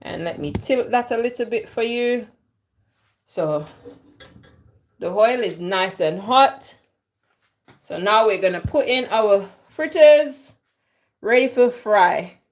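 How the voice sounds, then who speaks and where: Slow, teasing woman cooking. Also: medium pitch, expressive. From London. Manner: teasing banter with viewers. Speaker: cooking vlogger. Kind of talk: chatty live cooking stream. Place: home kitchen. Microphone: camera on a tripod.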